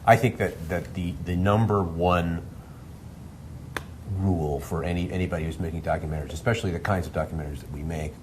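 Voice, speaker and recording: A documentary filmmaker answering interview questions in a rambling way, with many restarts. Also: male voice, rumbling low, darkish tone, a little hiss or hum.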